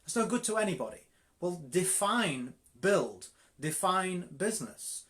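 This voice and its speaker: A man's voice: high voice, big pitch swings, measured pace, fairly bright tone. A man with a Yorkshire accent giving a live-streamed network marketing coaching talk, direct and emphatic, often repeating words for stress. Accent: Yorkshire English.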